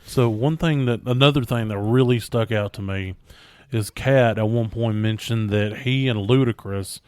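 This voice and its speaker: A man co-hosting a podcast in casual chat, calmly recapping what he saw. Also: fairly low pitch, moderate pace, smooth, dry recording. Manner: relaxed retelling of an interview. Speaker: podcast co-host.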